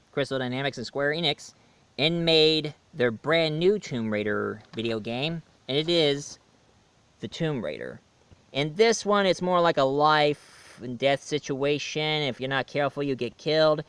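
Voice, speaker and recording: A man's voice: on the high side, animated, measured pace, fairly bright tone, clean tone, dry recording. A man from the United States chatting in a rambling way through a casual video review, laughing at his own jokes.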